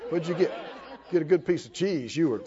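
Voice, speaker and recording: A man's voice: fairly high pitch, a little fast, dark tone, a faint crowd. A man preaching a sermon, telling the story in a folksy, humorous way and laughing often, recorded in a church. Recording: dull lo-fi recording in echoey hall.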